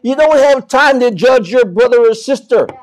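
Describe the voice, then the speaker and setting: High-pitched lively male preacher. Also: moderate pace. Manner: preaching with big swings from soft to loud; repeats words and restarts often. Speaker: pastor. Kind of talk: sermon.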